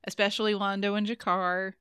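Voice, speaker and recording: A woman's voice: mid-range voice, level tone, a little fast, fairly bright tone, clean tone, dry recording, clean studio sound. A woman co-hosting a podcast, recapping an episode in casual chat and giggling often. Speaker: podcast co-host.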